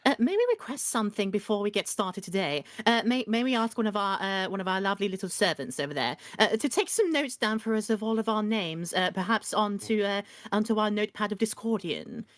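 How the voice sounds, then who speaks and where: Lady playing a fancy old-world madame, hesitant and halting, mid pitch, dry close sound. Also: expressive, no room sound, lightly acted. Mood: genteel. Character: haughty aristocratic madame with a French name. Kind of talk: comic in-character role-play.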